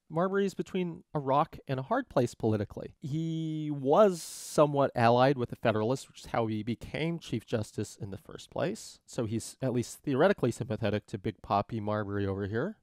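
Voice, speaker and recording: Man giving a jokey, lively law lesson. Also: a little high, no echo, clean studio sound. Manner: jokey, drops into quick character voices. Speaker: law tutor. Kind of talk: casual explanatory lesson.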